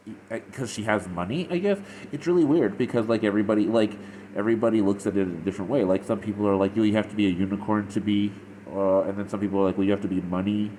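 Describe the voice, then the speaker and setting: A man's voice: on the low side, slight background noise, poor audio. A young man casually retelling and reviewing a story, rambling and full of fillers. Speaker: fanfiction reviewer.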